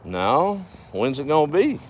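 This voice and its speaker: A man's voice: a little high, a little slow, slight background noise, pitched above the performer's own voice. A man voicing a laconic old farmer with a dry, drawling wit. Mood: deadpan. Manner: deadpan, drawling.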